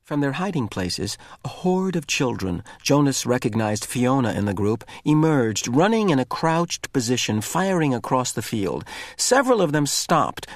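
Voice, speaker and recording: A man reading a novel aloud with expressive, measured narration. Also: medium pitch, no room sound, clean studio sound. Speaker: reader.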